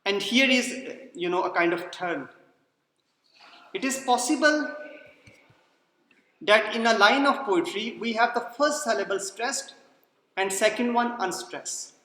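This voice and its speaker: A man's voice: sits high, animated, a little slow, pauses often, pushed and bright. A man giving a classroom lecture, explaining patiently, repeating key points and checking whether students follow. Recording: echoey hall, long reverb.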